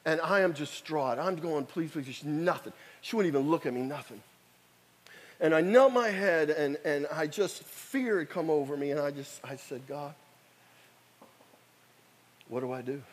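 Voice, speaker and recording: A man's voice: on the high side, animated, normal speed. A man in his fifties preaching a sermon, telling a story with emphatic, repetitive exhortations. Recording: echoey hall reverb.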